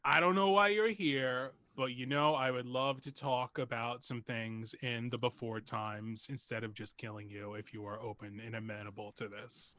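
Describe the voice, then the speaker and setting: A man voicing an excitable male villain leader who gushes like a starstruck superfan. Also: mid-range voice, moderate pace, few pauses, pitched below the performer's own voice, close to an everyday voice. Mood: courteous. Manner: gushing, breathless fanboy.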